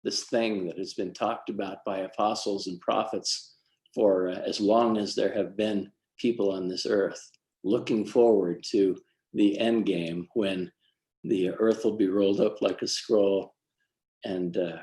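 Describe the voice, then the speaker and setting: A man's voice: low voice, a little mellow, reverberant. A man who leads a church youth group, telling a personal story in a devotional talk, earnest and lightly self-mocking.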